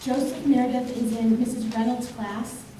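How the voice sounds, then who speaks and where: A woman who is losing her voice reads school award citations in a measured, formal way. Her voice is mellow and a touch high, and it comes from well back in a very echoey auditorium over a faint hiss. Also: fairly even intonation, distant mic.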